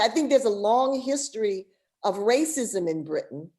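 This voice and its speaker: Woman host, mellow warm voice, chill and affirming, just talking it through. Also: fairly high pitch, expressive, moderate pace. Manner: attentive, frequent affirming murmurs. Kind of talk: conversational interview.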